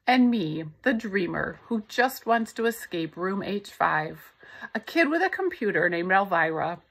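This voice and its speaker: A woman reading a novel aloud in the first person, in a steady storytelling manner. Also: medium pitch, a little slow, gravelly, breathy edge, low-quality recording. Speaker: audiobook narrator.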